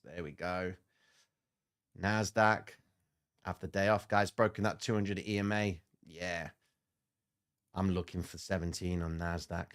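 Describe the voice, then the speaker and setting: A man's voice: fairly low pitch, fairly bright tone. A man hosting a live trading stream, giving blunt, slangy market commentary and answering chat comments.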